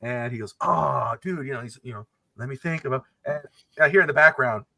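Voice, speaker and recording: A man's voice: medium pitch, brisk, gravelly, no echo. A young man co-hosting a podcast, telling a long story in casual chat and acting out the people in it. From Miami area. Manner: animated storyteller acting out both sides of conversations. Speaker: podcast co-host.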